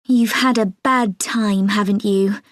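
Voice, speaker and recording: Lady acting out a soft kind woman comforting someone, gentle, dry recording. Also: mid-range voice, fairly even intonation, slow pace, dry recording, natural voice. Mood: sympathetic. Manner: soothing, gentle. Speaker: speaker in a recorded listening exercise. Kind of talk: scripted course audio.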